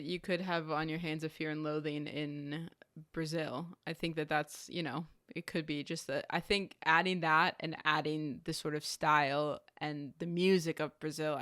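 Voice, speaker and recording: A woman's voice: low voice, steady tone, unhurried, fairly bright tone, no echo, clean studio sound. A young woman co-hosting a movie podcast, chatty and teasing in casual talk. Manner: chatty, laughs often, teasing. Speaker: podcast co-host. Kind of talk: casual chat.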